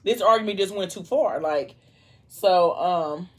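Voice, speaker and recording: A woman vlogger with a fairly low, unhurried voice chats casually while eating, retelling scenes from a book. She reads dialogue aloud and leans heavily on "like" as she tells the story.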